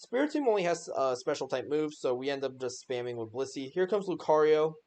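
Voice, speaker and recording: A man's voice: medium pitch, brisk, darkish tone. A young man giving a casual voice-over on his own game run, joking and exasperated at his own plays. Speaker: gaming YouTuber.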